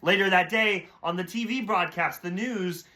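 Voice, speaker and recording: A man with a high, bright voice delivers a short devotional message. He tells a parable in a storytelling way, briefly voicing its characters before he draws the lesson. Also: moderate pace. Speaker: preacher.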